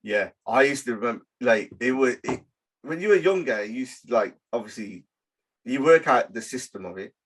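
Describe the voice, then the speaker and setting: A man's voice: mid-range voice, lively intonation, moderate pace, fairly bright tone. Rambling, hesitant man in casual chat. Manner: rambling, hesitant, lots of fillers.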